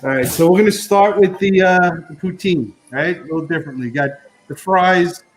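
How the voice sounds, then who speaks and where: A man's voice: high voice, normal speed, low-quality recording. A man on a live stream chatting casually as a guest food correspondent, talking through dishes with lots of ums and uhs. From Florida. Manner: rambling, filler-heavy, describes food while eating.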